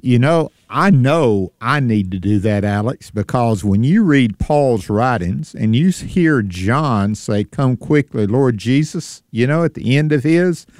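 A man co-hosts a Bible-based radio talk show. He speaks earnestly and with emphasis in a smooth, clear voice at a middle pitch, recorded dry and close to the mic. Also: expressive, a little slow, hardly any pauses, a little mellow, dry recording. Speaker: radio co-host. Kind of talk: casual radio conversation.

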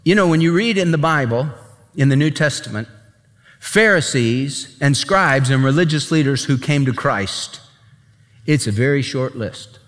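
A man's voice: mid-range voice, expressive, moderate pace, a bit bright, in a large hall. A man preaching a sermon as a pastor, emphatic and conversational, speaking straight to the congregation.

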